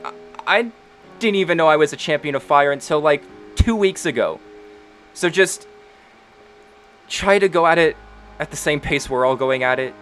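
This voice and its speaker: A man's voice: a little high, moderate pace, pauses often, fairly bright tone, faint music behind, voice pushed up, natural voice. A man voicing a tearful young woman who pleads with a friend and swears as her voice rises. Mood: pleading. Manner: pleading and swearing, voice rising in urgency.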